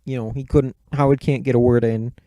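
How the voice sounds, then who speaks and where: Guy rambling thru a movie recap, lots of swearing, warm low-key tone, dry close sound. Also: level tone, a little fast, dry recording. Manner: rambling, profane, offhand. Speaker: movie reviewer.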